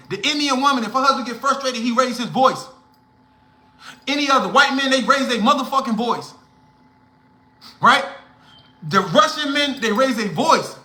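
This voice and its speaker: A man's voice: high-pitched, sharp tone, echoey room. A young man hosting a livestream, lecturing his viewers in a blunt, profane, heated rant. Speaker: livestream host.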